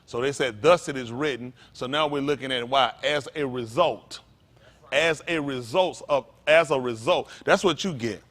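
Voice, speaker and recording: A man preaching an interactive sermon, calling out to his congregation in with a lively, animated manner. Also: medium pitch, moderate pace. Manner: animated, calls out to the congregation, folksy vernacular. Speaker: pastor.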